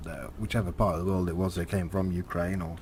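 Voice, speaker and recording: A man's voice: low voice, little pitch movement, a little mellow, a little hiss or hum. A man, commentating on a driving game while telling a rambling story, full of fillers and repeated words. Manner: halting, many fillers and repeated words, chuckles.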